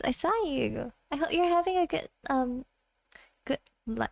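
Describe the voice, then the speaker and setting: A woman VTuber streaming from home, chatting casually with her viewers between karaoke songs, giggling and breaking into quick asides as she reads the chat. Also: sits high, lively intonation, creaky, a little mellow, no room sound, studio quality. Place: home room.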